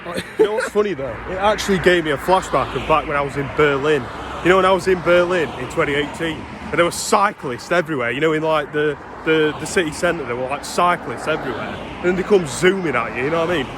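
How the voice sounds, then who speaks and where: British guy, early twenties, slightly high voice, cussing vlogger over loud street traffic. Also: fast talker. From Britain. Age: 20s. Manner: swearing, exasperated storytelling. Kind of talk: casual ranting vlog. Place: outdoors walking along a street.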